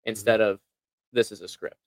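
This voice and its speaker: A man, a salesman, explaining his approach in a relaxed, casual chat. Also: on the low side, moderate pace, dry recording.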